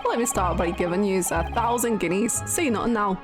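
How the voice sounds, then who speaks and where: A woman's voice: medium pitch, a little fast, music in the background, natural voice. A woman voicing a jovial, generous male moneylender with a put-on Scottish-Irish lilt.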